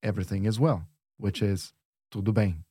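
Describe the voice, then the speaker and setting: A man teaching on a lesson podcast, modelling words slowly and patiently. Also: fairly low pitch, steady tone, warm tone, breathy edge, no echo, clean studio sound. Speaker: language teacher.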